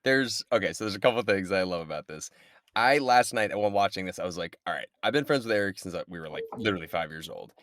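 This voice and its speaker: A man's voice: sits low, expressive, fairly bright tone, slight background noise. A young man in his twenties, a podcast co-host, joking and swearing in casual chat. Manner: fast, joking, swears, acts out quoted voices.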